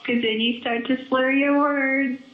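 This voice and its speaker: A woman's voice: sits high, fairly even intonation, unhurried, narrow, tinny audio. Chatty giggly woman on an echoey call. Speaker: caller on a phone call. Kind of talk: casual phone chat.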